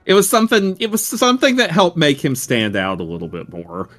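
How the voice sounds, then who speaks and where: A man's voice: fairly high pitch, a little fast, a bit bright. A man hosting a live game stream, chatting casually, laughing often and sharing franchise trivia. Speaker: streamer host.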